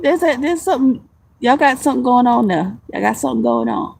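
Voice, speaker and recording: A woman's voice: on the high side, very animated, brisk, creaky, a little mellow, no room sound. A young woman with a Southern country twang chatting playfully with viewers on a livestream, laughing often and swearing casually. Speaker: livestream vlogger.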